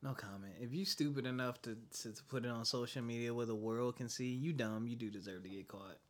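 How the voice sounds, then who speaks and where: A man's voice: mid-range voice, brisk. A young adult man, co-hosting a casual podcast chat, joking and making asides as he reads facts aloud. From South Carolina. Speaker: podcast co-host.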